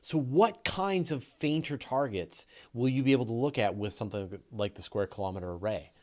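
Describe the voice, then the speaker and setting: A man's voice: mid-range voice, a little fast, a little mellow. Chatty Canadian man hosting an interview. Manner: chatty, self-deprecating, repeats words. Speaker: interviewer host. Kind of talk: interview conversation.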